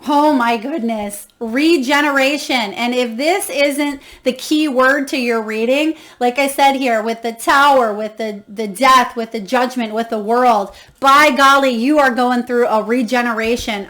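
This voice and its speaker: A woman's voice: on the high side, unhurried, hardly any pauses, fairly bright tone. A woman giving a tarot card reading to viewers, effusive and encouraging, reading guidebook passages aloud and exclaiming with emotion. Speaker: tarot reader.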